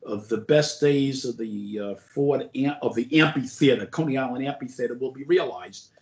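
A man's voice: medium pitch, moderate pace. An older man who is a former borough president, telling stories as an interview guest in a rambling way, with lots of "uh" and restarts. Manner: rambling anecdotes full of "uh" and restarts. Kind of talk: casual interview storytelling. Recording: roomy echo.

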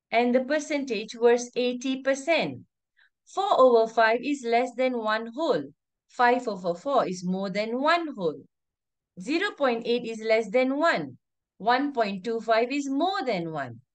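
A woman teacher, teaching an online class over a video call, firmly repeating instructions and calling on pupils by name. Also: fairly high pitch. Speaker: primary school teacher.

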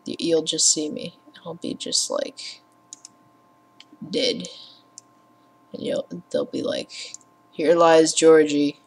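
A woman's voice: low voice, sing-song, slow pace, creaky, long pauses, fairly bright tone, a little hiss or hum. A tired young woman rambling casually in a gaming vlog, swearing freely and reading achievement lists aloud. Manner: chatty, swears a lot, reads achievements aloud. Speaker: gaming vlogger.

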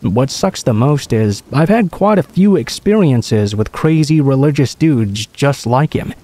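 A man reading true horror stories aloud in a calm, even storytelling manner. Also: medium pitch, unhurried. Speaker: narrator. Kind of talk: scripted narration of horror stories.

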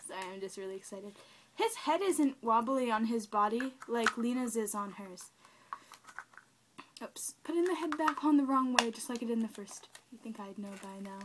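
A young woman who gushes excitedly and chats to her new doll while unboxing it on camera, kneeling on the floor at home. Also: a little high, normal speed, slight background noise. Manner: gushing, excitable, talks to the doll. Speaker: doll collector vlogger. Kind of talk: casual unboxing chat. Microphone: camera mic.

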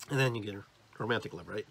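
A man's voice: on the low side, gravelly, a bit bright, a little hiss or hum. A man hosting a podcast, giving a motivational spiritual talk straight to his listeners, emphatic and repetitive. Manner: acts out different tones of voice as examples. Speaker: podcast host.

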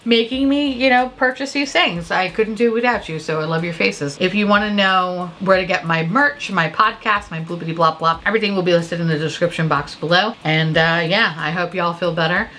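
A woman's voice: fairly low pitch, brisk, hardly any pauses, a bit bright, slight background noise. A woman beauty vlogger chatting casually while getting ready. She is tipsy and stuffy-nosed, and her talk is profane and self-mocking. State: stuffy nose. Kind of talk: casual get-ready-with-me chat.

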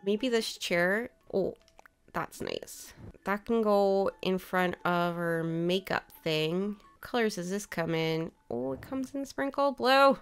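Chatty woman with a smooth, clear voice. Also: medium pitch, takes it slowly. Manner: chatty, thinks out loud while decorating, playful asides. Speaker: gaming video creator. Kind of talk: casual gameplay commentary.

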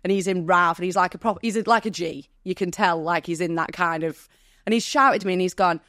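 A woman's voice: on the low side, a little fast, fairly bright tone, dry recording, clean studio sound. A woman, tearful as a podcast guest, telling her story in a rambling, apologetic way. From Manchester, England. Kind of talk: personal storytelling in a podcast interview.

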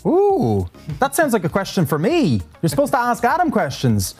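A man's voice: high-pitched, wildly swooping pitch, moderate pace, a little mellow, husky, faint music behind. A man hosting a live interview, rambling and jokey. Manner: rambling, jokey, many fillers. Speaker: host. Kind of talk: casual live-stream interview chat.

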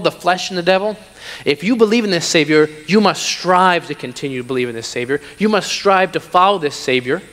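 A man's voice: on the high side, a bit bright. A man preaching a sermon in a church, emphatic, repeating phrases for stress. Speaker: pastor. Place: church sanctuary. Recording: long hall reverb.

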